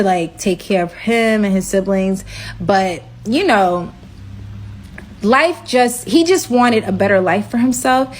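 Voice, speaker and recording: A young woman telling a personal story in a casual storytime vlog, candid and animated, with her voice jumping up for her own outbursts. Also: mid-range voice. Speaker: storytelling creator.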